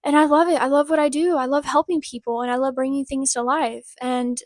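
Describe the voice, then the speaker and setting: A woman vlogger talks straight to her viewers in a casual, heartfelt update, her voice sitting a little on the high side. She rambles warmly and earnestly, sprinkling in "like" as she goes. The sound is close and dry, with no room around it. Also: fairly even intonation, brisk, no room sound. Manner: earnest and encouraging, rambling with many "like" fillers. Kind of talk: casual personal update to camera.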